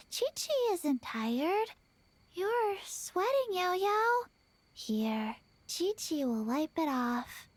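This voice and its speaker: A woman's voice: extremely high pitch, no room sound, heavily acted. A tiny solemn zombie girl. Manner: slow, flat, speaks of herself by name. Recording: game audio with music behind.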